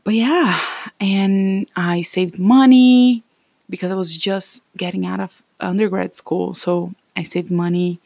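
A woman from Brazil in her thirties, speaking English with a Brazilian Portuguese accent, chats casually and wanders from thought to thought. Her voice sits a little low, with gravelly fry and a breathy, husky edge. The sound is close and dry. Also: steady tone, takes it slowly, a little mellow, no room sound. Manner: chatty, rambling, encouraging. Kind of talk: casual personal vlog.

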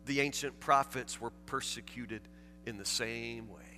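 A man's voice: medium pitch, a little slow, over music. A man, preaching a folksy, self-deprecating sermon in a large church, recorded with long hall reverb. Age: 40s. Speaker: pastor. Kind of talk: sermon with storytelling.

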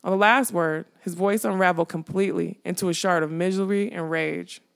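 Low, gravelly woman narrating a fantasy tale. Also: fairly even intonation. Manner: measured storytelling.

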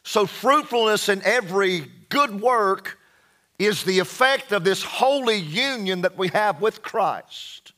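A man preaching a sermon as pastor, emphatic, reading scripture slowly and dropping his voice low for emphasis. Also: lively intonation, pushed and bright. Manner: slow, emphatic preaching with dramatic drops in pitch and volume; reads scripture slowly and deliberately.

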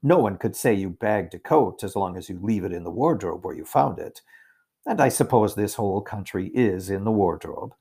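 A man's voice: lowish voice, expressive, normal speed, gravelly, mellow, breathy edge, exaggerated voice. A man reading aloud and voicing a confident eldest brother with hearty, old-fashioned schoolboy talk. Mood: earnest.

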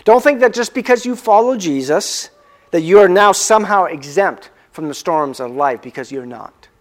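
A male pastor giving a conversational sermon, asking the listeners questions and slowing down to stress key words. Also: sits high, animated.

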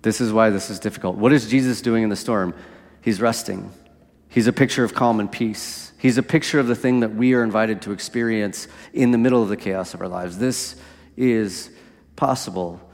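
A man's voice: fairly low pitch, moderate pace, darkish tone, big-room sound. A man preaching a sermon in a conversational way, often checking in with his listeners. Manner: conversational, asks "right?" often.

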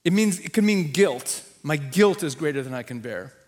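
A man with a high-pitched voice preaches a sermon as a visiting rabbi. He teaches with animated emphasis and acts out the voices he quotes. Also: normal speed.

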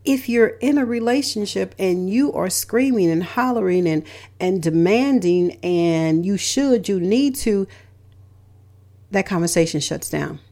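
A woman's voice: medium pitch, expressive, unhurried, warm tone. Emphatic woman hosting a motivational talk. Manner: emphatic and repetitive, stressing key words with lists. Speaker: radio host and relationship counselor.

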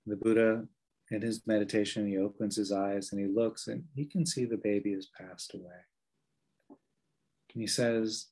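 Male meditation teacher, low husky voice, gentle earnest storytelling. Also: fairly even intonation, measured pace, rough recording.

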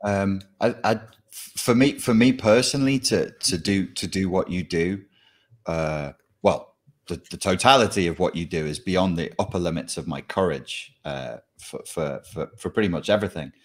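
Man, very deep voice, halting, polite, repeats words, casual chat.

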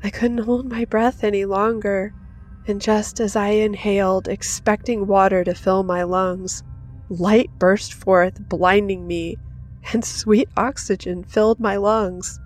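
A woman's voice: medium pitch, level tone, takes it slowly. Woman narrating a horror story. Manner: dramatic, rising to intense in action. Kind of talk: scripted first-person horror narration. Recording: soft music under the voice.

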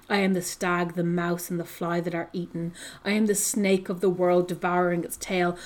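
A woman reading aloud as an ancient, roaring male tree monster, speaking in grand, booming declarations. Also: a little mellow, lightly acted.

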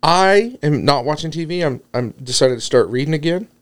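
A man's voice: on the high side, expressive, brisk. A man co-hosting a casual podcast chat, easygoing and agreeable.

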